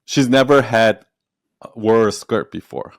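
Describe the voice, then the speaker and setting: This podcast guest, an entrepreneur who loves telling stories, has a gravelly, lowish male voice and takes his time. In a relaxed interview he recounts anecdotes with animation, performs the quotes, and laughs often, all captured cleanly in a studio with no echo.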